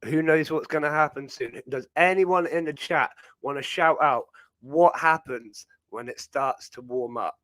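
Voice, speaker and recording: Young British male host, casual rambling chat, slightly high voice, dry close sound. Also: a little slow, a bit bright, no room sound. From Britain. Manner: rambling, chatty, many fillers. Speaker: livestream host.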